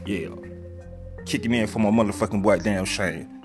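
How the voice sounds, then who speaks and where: Booming brash older man, done by a man, low and loud. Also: moderate pace, music in the background, natural voice. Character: loud older man hosting his father's funeral. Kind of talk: comedy skit voices.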